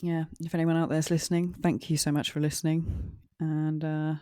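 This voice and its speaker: A woman's voice: deep voice, little pitch movement, moderate pace, few pauses, warm tone, smooth, dry recording. A British woman co-hosting a podcast, laid-back with dry humour. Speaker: podcast co-host. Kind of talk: casual chat.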